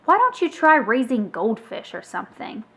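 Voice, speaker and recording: A woman's voice: on the high side, sing-song, normal speed, fairly bright tone, slightly rough, heavily acted. A woman voicing an exasperated, blunt young boy in a children's storybook read-aloud, with a scolding manner.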